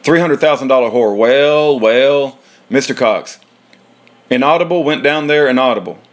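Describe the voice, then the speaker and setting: A man's voice: mid-range voice, normal speed. A man reading a transcript aloud in a heated, profane rant, breaking into short laughs.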